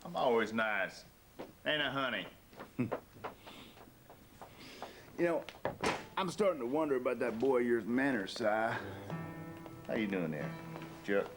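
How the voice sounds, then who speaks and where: A bossy, blustering Texan man, played by a middle-aged actor, full of folksy sayings and teasing. His mid-pitched drawl rolls over background music. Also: slow, pauses often, close to an everyday voice. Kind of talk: kids TV series acting. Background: score music.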